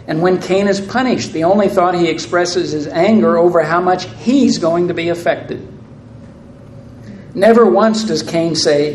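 A man with a high voice delivers a sermon at a slow, deliberate pace, stacking rhetorical questions one after another. His voice rings through a roomy church hall with a clear echo. A faint ambience sits behind him. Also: a little mellow, a little hiss or hum. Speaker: pastor.

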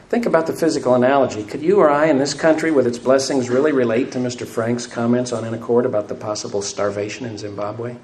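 Male preacher, mid-pitched, asks rhetorical questions; roomy church-hall sound with faint background hiss. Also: a little fast, a little mellow. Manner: light self-deprecating humor. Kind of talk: sermon. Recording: echoey room, faint room noise.

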